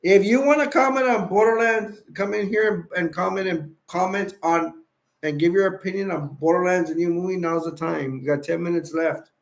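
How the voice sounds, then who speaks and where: A man's voice: fairly high pitch, steady tone, moderate pace, vocal fry. A man hosting a casual livestream chat, rambling and playful and laughing easily as he reads viewer comments. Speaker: livestream host. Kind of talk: casual live stream chat.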